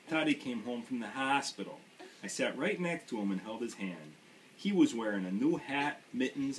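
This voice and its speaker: A man from Michigan reading a picture book aloud in a playful put-on Maine accent, with a muttered low refrain between pages. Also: a little hiss or hum. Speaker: reader.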